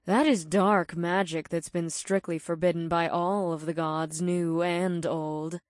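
A male audiobook narrator voicing a sultry, teasing succubus woman in a slow, purring delivery, pitched well above his own voice. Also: little pitch movement, no room sound, studio quality, natural voice. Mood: smug.

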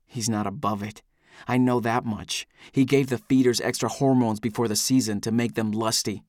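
A man's voice: medium pitch, fairly even intonation, normal speed, a little mellow, no echo, clean studio sound. A man giving an intense, brooding first-person audiobook narration.

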